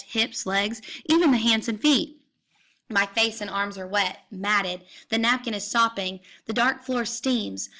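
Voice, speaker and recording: A woman reading a literary novel aloud in the first person, intense and dramatic, at times dropping to hushed tones. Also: medium pitch. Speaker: audiobook reader.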